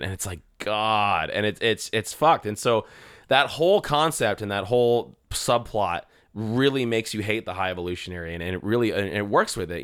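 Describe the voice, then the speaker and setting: A man co-hosting a podcast, chatting casually and excitedly about a movie, swearing and acting out scenes. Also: lowish voice, clear, resonant tone. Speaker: podcast co-host. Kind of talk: casual movie-review chat.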